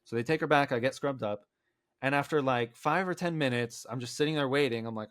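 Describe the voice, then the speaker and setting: A man's voice: medium pitch, brisk, fairly bright tone, no room sound, studio quality. A man co-hosting a podcast, telling a long story in a rambling, casual way and acting out what others said, with many filler words. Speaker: podcast co-host. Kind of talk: casual storytelling among friends.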